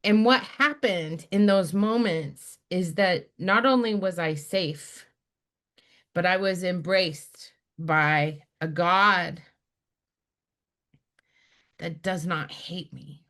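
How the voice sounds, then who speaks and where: Her voice sits on the low side and unfolds slowly. She is a middle-aged spiritual director and activist from Utah, a guest recounting a personal story with lively impressions of the friends she quotes.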